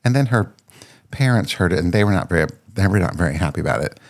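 A man with a very low, gravelly voice hosts a solo podcast. He tells a long personal story in a casual, meandering way, circling back and restarting his sentences as he goes. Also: animated, fast talker. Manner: rambling, with frequent restarts. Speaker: podcast host.

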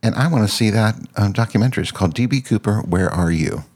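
A man hosting a podcast, casually demoing his gear into a boom-arm microphone at his desk. He rambles, breaks off mid-sentence and searches for words. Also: fast talker, darkish tone, husky. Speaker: podcast host. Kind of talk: casual gear demo chat. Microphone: dynamic mic on a boom arm.

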